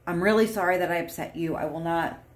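Woman playing a calm, pleading partner. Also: lowish voice, quick pace, close to an everyday voice. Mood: apologetic. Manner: soft, careful and apologetic, asking politely. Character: calm, pleading partner trying to stay polite. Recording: roomy echo.

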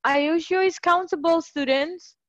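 A woman's voice: extremely high pitch, moderate pace, fairly bright tone, no room sound, muffled recording. A woman tutoring English in a live online class, chatty and encouraging, greeting students by name.

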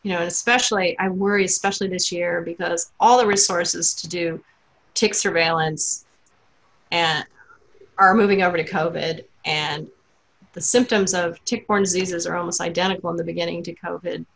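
A woman's voice: on the low side, fairly even intonation, moderate pace, vocal fry, fairly bright tone, poor audio. A woman science writer answering audience questions in a webinar, earnest and worried, talking loosely with fillers over a video call. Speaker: science writer and author guest.

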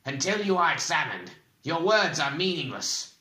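A man's voice: fairly high pitch, very animated, normal speed, pushed and bright, roomy sound, voice pushed up. A man voicing a stern, cunning bald male interrogator who gives clipped, commanding orders. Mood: angry.

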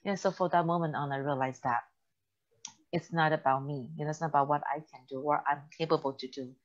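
A woman's voice: low voice, fairly even intonation, fairly quick, lo-fi sound. A woman co-hosting a church talk show, telling stories with laughter and acted quotes. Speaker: podcast co-host. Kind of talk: casual chat.

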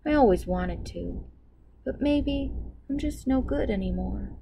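A woman's voice: a little high, lively intonation, a little slow, vocal fry, warm tone, slight background noise. A woman reading aloud and voicing a devoted, fretful male royal cook in an earnest manner. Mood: sad.

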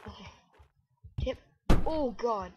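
A woman giving let's play commentary on a game, muttering to herself and breaking into excited yelps and exclamations. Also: fairly high pitch, slow, highs cut off, heavy background noise. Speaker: gamer.

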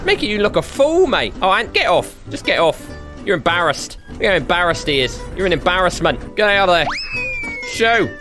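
A young man riffing through gameplay commentary in a fairly high voice that leaps all over the place. He trash-talks the game characters with slangy jokes, while clear music plays underneath. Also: sing-song, moderate pace. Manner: rowdy, jokey trash-talk with slang and frequent laughter. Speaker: gaming YouTuber.

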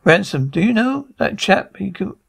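A man reading the lines of a brisk army officer, restarting words as he goes. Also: high voice, sing-song, vocal fry, fairly bright tone, slightly rough, full character voice. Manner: brisk, restarting mid-word.

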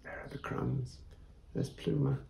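A man reading a picture book aloud to children, gentle and showing the pages. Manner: gentle, unhurried, shows the pages. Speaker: storyteller.

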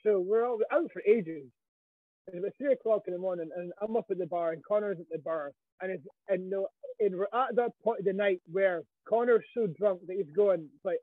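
Husky high-voiced Scottish man on a tinny line. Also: moderate pace, no room sound. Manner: animated, swears freely, quotes others. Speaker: wrestling guest. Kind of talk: casual storytelling interview.

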